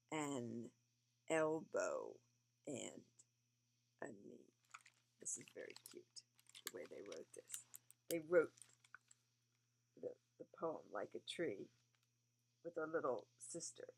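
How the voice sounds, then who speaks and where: A sleepy, yawning woman reading a picture book aloud to a young child, with gentle, chatty asides. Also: extremely low pitch, vocal fry, slightly rough. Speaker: reader to a child.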